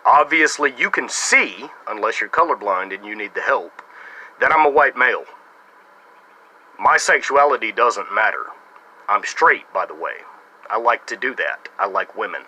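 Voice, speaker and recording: A man's voice: fairly low pitch, expressive, normal speed, sharp tone, slight background noise, low-quality recording. An American man making a casual response video to camera, with a sarcastic, mocking manner. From United States. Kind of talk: casual talking-to-camera monologue.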